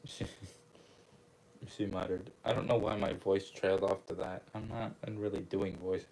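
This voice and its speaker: A young man reading a book aloud at a slow, unhurried pace, his voice sitting low. He often trips over words and corrects himself, then breaks off into amused asides. The feel is a casual read-along for an online channel. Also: fairly even intonation, gravelly, warm tone, poor audio. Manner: stumbling, self-correcting, laughing asides.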